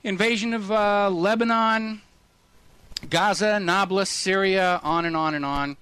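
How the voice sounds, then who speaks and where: High-voiced, sarcastic talk radio host. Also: male voice, fairly even intonation, measured pace, pushed and bright, clean tone, no echo. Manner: indignant, sarcastic, emphatic. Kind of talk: political talk radio commentary.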